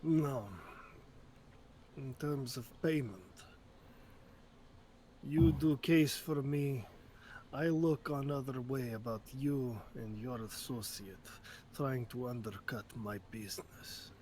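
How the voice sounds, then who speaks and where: A man voicing a hulking, menacing male crime boss who speaks in slow, clipped, broken English. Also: medium pitch, fairly even intonation, a little mellow, a little hiss or hum, close to an everyday voice. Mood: cold menacing.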